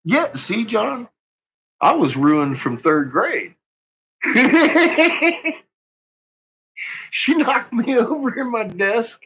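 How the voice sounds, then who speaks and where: A middle-aged man tells family stories in a casual chat, laughing all the way through and swearing freely. His voice sits high and swings widely, and he talks at an unhurried pace. It sounds a little husky on a dull, lo-fi recording. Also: big pitch swings, fairly bright tone. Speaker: father telling stories.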